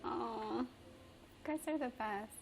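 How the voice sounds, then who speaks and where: A woman's voice: a little high, takes it slowly, creaky, slight background noise. A young woman from Mexico, a native Spanish speaker, chatting casually with viewers on a livestream from her home kitchen, bubbly and giggly. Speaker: livestreamer and chef. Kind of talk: casual livestream chat reading comments.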